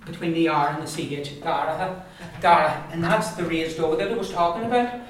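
A man with an Ulster lilt leads a classroom pronunciation lesson, sounding out each vowel deliberately so students can copy it. His voice sits a little high for a man. He is picked up from across a very echoey room, with faint noise behind. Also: lively intonation, distant mic. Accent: Ulster Irish English. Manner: drills words aloud, modelling each sound carefully. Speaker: language teacher.

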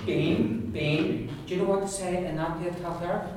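A man's voice: high-pitched, flat delivery, a little mellow. Casting: Irish man teaching a language class, distant mic in a reverberant room, faint noise. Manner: repeats words slowly for learners to copy. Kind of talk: classroom lesson. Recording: echoey room, recorded from a distance.

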